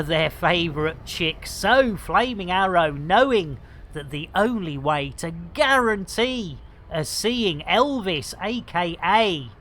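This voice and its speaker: A man's voice: high-pitched, pushed and bright. A British man giving casual live-stream commentary over a game, full of puns and rambling jokes. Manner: jokey, punning, rambling banter.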